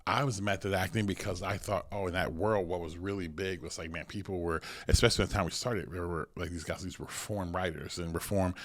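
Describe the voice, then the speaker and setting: An American man who is a pastor and podcast host, telling stories in an energetic, conversational way with many restarts. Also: deep voice, brisk, hardly any pauses. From United States.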